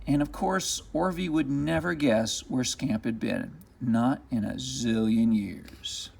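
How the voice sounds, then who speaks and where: A man reading a children's picture book aloud as narrator, with expressive, dramatic storytelling. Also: mid-range voice, takes it slowly, gravelly.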